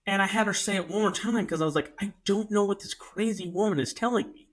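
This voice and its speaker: A young man co-hosting a podcast, telling stories in a casual, animated way with comic exaggeration. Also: high-pitched, quick pace. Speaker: podcast co-host. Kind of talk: casual chat.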